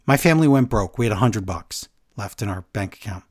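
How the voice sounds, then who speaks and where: A man casually chatting as a podcast co-host, retelling a story with lively reactions. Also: lowish voice, brisk. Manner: animated storyteller, quoting others in a flat retelling voice. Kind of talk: casual chat, recapping a wrestling segment.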